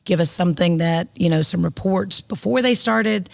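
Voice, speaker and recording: Hoarse co-host with a gravelly fry, earnest and rambling, upbeat podcast chat. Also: mid-range voice, normal speed. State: hoarse, losing voice.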